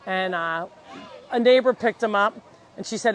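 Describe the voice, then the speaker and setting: A faint crowd and a little hiss or hum sit behind this woman's medium-pitched voice, which moves at a moderate pace. She runs an animal sanctuary and chats on a live outdoor farm tour via handheld mic, cooing at the animals in baby-talk.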